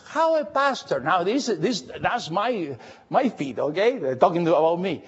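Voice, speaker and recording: A man preaching a Bible study, lively and emphatic, full of fillers and questions to his listeners. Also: high voice, moderate pace, breathy edge, dull audio. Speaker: pastor. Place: church, recorded for radio.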